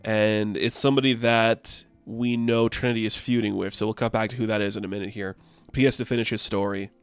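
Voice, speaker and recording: A man giving a casual comic book recap in a rambling way, full of "like" and quick asides. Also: lowish voice, steady tone, smooth, no echo, soft background music. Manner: rambling, filled with "like".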